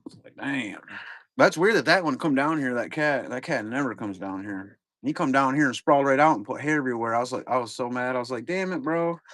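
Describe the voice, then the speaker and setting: A middle-aged man chats in a loose, rambling way, talking straight to his viewers as if they were hanging out with him. His voice sits in an ordinary middle pitch and sounds close and dry, with hardly any room around it. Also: fairly quick, fairly bright tone, no room sound. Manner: rambling, laid-back, talks to chat viewers. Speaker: card break streamer. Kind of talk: casual live-stream chat.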